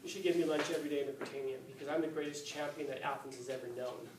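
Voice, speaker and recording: A man's voice: fairly high pitch, fairly even intonation, very fast, close to an everyday voice. Defiant old philosopher, put on by a male teacher, earnest reasoning, distant mic with light hiss. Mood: cocky. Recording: echoey classroom, far mic, faint hiss.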